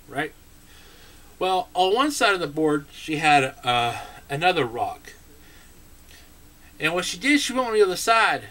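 A man's voice: fairly high pitch, sharp tone. An American man telling childhood stories to camera in a casual, rambling way, full of asides and filler words. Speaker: vlogger.

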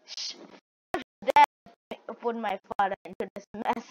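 A woman's voice: medium pitch, fairly even intonation, unhurried, a little mellow, poor audio. A young woman chatting casually while playing an online game, trading playful trash talk with a friend and laughing often. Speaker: gaming video creator. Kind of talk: casual gameplay commentary.

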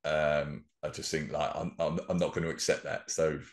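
Deep-voiced laid-back man hosting. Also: level tone. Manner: laid-back, swears casually, quick to laugh. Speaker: podcast host. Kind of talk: casual interview chat.

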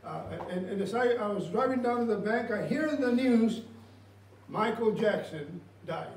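A man preaching a sermon as pastor, telling a story and then dropping to a hush to pray. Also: extremely high pitch, fairly quick, a little hiss or hum. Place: church sanctuary. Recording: roomy church sound from far off.

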